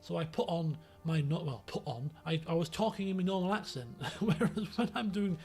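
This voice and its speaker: Yorkshire man, streamer, raised pitch, gravelly, rambling casual chat, faint music under. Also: moderate pace, a little mellow. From Yorkshire, England. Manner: rambling, many fillers and restarts.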